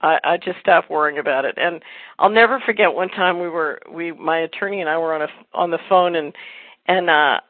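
A woman's voice: lowish voice, dry recording. Woman host rambling thru a story, laughs a lot, dry phone-line sound. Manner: rambling storyteller, quick bursts, laughs easily. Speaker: podcast host. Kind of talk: casual conversation.

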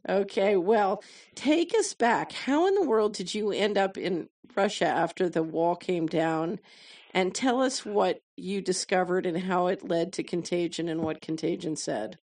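A woman's voice: lowish voice, unhurried, darkish tone. Earnest woman hosting an interview. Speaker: host. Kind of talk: interview host introduction.

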